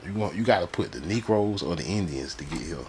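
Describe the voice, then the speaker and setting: A man's voice: low voice, lively intonation, darkish tone, a little hiss or hum. A man live streaming, reading sources aloud and breaking off into loose, slangy, mocking commentary. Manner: loose slangy talk, quick to laugh and mock.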